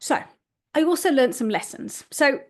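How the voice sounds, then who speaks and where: A woman's voice: on the high side, moderate pace. A woman podcast host telling a story in a self-deprecating way, laughing at herself. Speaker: podcast host and family constellations facilitator. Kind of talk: storytelling monologue.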